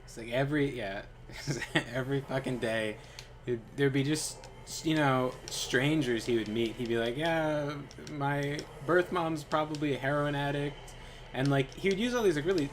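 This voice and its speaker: Over slight background noise, a young male streamer with a mid-range voice talks at a moderate pace. He spins a meandering story during play, lively and chatty, leaning on fillers and imitating what others said.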